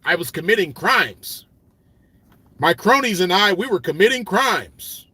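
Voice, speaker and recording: A man voicing a prim, nerdy man who fakes a criminal past, using stiff, proper wording, slow and subdued. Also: high voice, lively intonation, pushed and bright, breathy edge, dry recording, exaggerated voice. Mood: mock-earnest.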